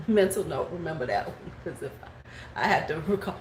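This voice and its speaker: Gossipy woman chatting in an echoey room. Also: fairly quick. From United States. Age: 40s. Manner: gossipy and animated, with squeaky quoted voices. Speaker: beauty vlogger. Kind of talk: casual live-stream chat. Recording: echoey room with faint background noise.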